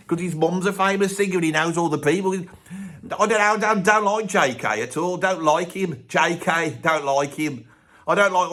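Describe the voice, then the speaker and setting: A man's voice: high voice, fairly bright tone. A man playing a grumpy older man from Birmingham with a Birmingham accent, ranting bluntly and swearing in a comic monologue. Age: 70s. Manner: blunt, grumbling, swears constantly. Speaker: comic character.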